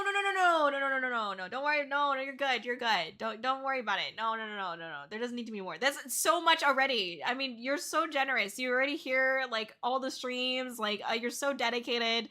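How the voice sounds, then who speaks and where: Overcome with excitement, a young Canadian VTuber shrieks and tears up while reading chat and thanking viewers on a casual stream. Her voice is fairly high in pitch, with a pushed, bright quality.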